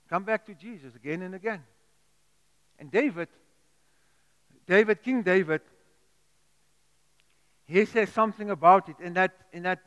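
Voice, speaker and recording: A man's voice: high voice, a bit bright. A man preaching a sermon, earnest and pleading, often repeating and restarting his words. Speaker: pastor. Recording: echoey hall with long reverb.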